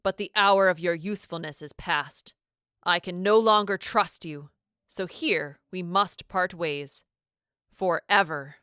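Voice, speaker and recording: Sickly sweet, cold female villain, low and dry-voiced; a woman narrator plays her. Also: a little slow, pushed and bright, smooth, dry recording. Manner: falsely sweet, hissing. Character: cruel female crew leader, sickly sweet and menacing.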